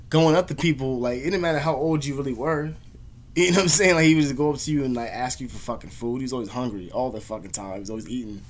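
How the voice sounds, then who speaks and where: Rambling profane man telling stories. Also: medium pitch. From United States. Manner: profane, rambling, laughs often. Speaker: vlogger. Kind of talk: casual storytelling.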